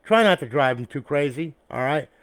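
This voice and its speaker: Rambling, chummy console builder, dry close sound. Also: male voice, a little high, animated, moderate pace, no echo. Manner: rambling, checks in with "okay?" and "all right?" after nearly every point; blunt and profane, chummy with his viewers. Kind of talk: casual talk to camera about a finished build. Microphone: external mic, replacing the camera's built-in one.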